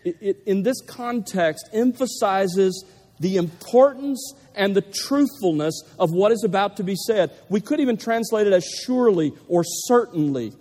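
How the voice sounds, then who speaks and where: A man's voice: sits high, animated, moderate pace, dark tone. A man preaching a sermon to a gathering, speaking emphatically and leaning hard on repeated key phrases. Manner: emphatic, building to stressed repetitions. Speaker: pastor. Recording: long reverb of a large hall.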